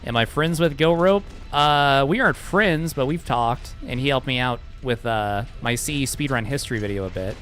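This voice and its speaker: A man's voice: mid-range voice, moderate pace, few pauses, fairly bright tone, soft background music. A man chatting casually with his live-stream chat while speedrunning a game, joking sarcastically and swearing freely.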